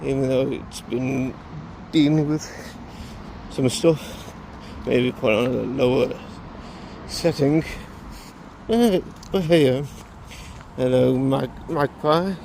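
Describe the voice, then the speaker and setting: A man's voice: medium pitch, vocal fry, mellow, slight background noise. A tired man vlogging casually, rambling and correcting himself as he goes. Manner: rambling, halting, self-correcting. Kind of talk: casual vlog monologue.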